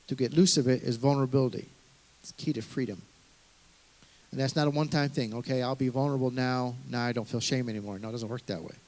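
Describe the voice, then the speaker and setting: A middle-aged man, a pastor, giving an earnest, conversational sermon, often restarting his sentences. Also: medium pitch.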